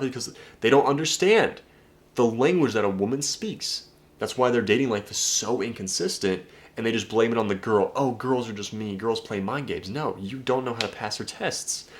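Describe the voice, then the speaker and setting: With a mid-range voice, a man walks viewers through dating tips in a relaxed video breakdown. He's forceful in his delivery, uses profanity, and addresses those watching head-on.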